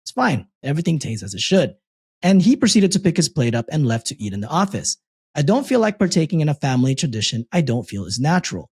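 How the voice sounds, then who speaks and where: Husky man reading a story aloud. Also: a little high. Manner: reads the post aloud in a steady, measured voice. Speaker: podcast co-host reading a story. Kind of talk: casual podcast chat.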